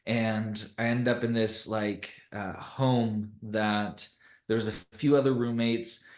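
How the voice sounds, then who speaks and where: A young man from Canada, a podcast guest, telling a personal story in a casual, animated way and laughing often. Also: on the low side, slow pace, reverberant.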